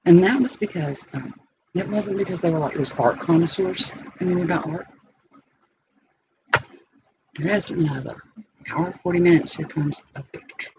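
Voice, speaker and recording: A gravelly, lowish-voiced woman vlogger rambles through an unscripted personal story at a moderate pace, pausing often. She digresses, restarts frequently and leans on fillers, and the recording is dull and lo-fi with clear background noise.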